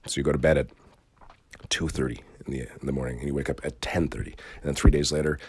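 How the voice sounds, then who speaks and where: The host of a casual solo podcast speaks fast in an extremely low, husky voice with a steady tone. His talk rambles and is full of swearing, and he often restarts his sentences.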